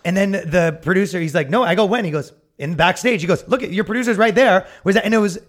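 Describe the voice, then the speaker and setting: A man's voice: sits high, fast talker. A man hosting a casual comedy podcast, rambling and swearing, acting out quotes in sudden bursts. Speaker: podcast host.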